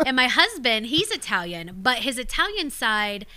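A woman's voice: fairly high pitch, sing-song, normal speed, a crowd in the background. A woman from Ohio in her thirties, a news anchor chatting as a podcast guest, enthusiastic and emphatic, often laughing. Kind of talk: casual chat.

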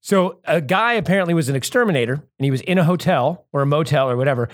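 Dude telling a story super fast, high voice, swearing constantly. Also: male voice, lively intonation. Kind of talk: casual chat.

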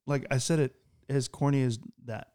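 A man in his thirties telling a story in casual chat as a podcast co-host, animated and jumping up into a higher voice to act out the lines he quotes. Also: normal speed. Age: 30s.

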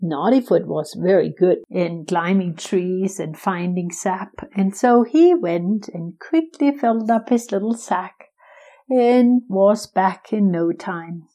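Unhurried woman telling a bedtime story. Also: medium pitch. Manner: gentle, unhurried reading with playful character voices.

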